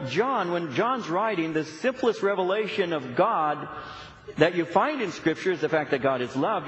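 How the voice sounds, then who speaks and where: A man's voice: sits high, a bit bright. A middle-aged man preaching a sermon as a pastor, earnest and emphatic, with frequent repetitions. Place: church sanctuary. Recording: echoey, dull church recording.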